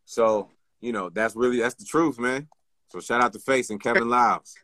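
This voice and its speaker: A man in a casual interview speaks in a bright, clear voice with a dry, close sound. He answers in a thoughtful, laid-back and friendly way over a video call. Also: mid-range voice, steady tone, normal speed, no echo. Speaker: guest.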